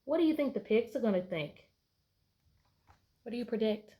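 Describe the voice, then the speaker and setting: Woman teacher, picture-book read-aloud for kids, lots of questions, lively narration. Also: fairly high pitch, normal speed. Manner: asks many questions, bright storybook emphasis on narration.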